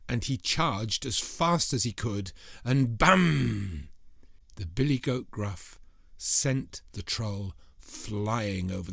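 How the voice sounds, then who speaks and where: A man's voice: on the low side, husky, no echo, studio quality. A man telling a folk tale aloud as an oral storyteller, in a rhythmic way that includes spoken sound effects.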